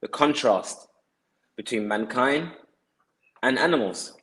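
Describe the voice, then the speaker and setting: A male podcast guest explains his ideas at length in a mid-pitched voice. He is earnest and often circles back over his words as he builds each point. His delivery stays conversational throughout. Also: expressive, slow pace, a bit bright, low-quality recording. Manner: earnest, explaining, many restarts and repeated words.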